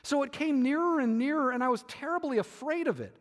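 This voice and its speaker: A man reading the part of a troubled boy who was once a dragon, in a quiet confiding way. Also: very high voice, brisk, pitched above the performer's own voice. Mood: earnest. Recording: hall reverb.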